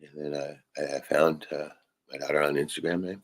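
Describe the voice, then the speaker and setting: Low husky man, rambling streamer rant, keeps asking "right?". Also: level tone, brisk. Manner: rambling, fills with "right?" and swearing. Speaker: live streamer. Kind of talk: casual venting monologue.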